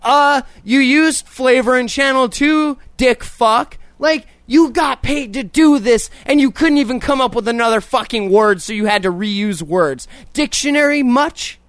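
Man, talk show host, sarcastic, profane, slow, smooth. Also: extremely high pitch, fairly bright tone, no room sound. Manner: profane, sarcastic, mock-indignant. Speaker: podcast host. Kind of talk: crude comedic talk show banter.

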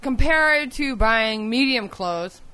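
A woman's voice: on the high side, lively intonation, slow, bright, forceful tone, clear, resonant tone, dry recording. A woman co-hosting a casual chat, laughing a lot, teasing and swearing. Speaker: co-host.

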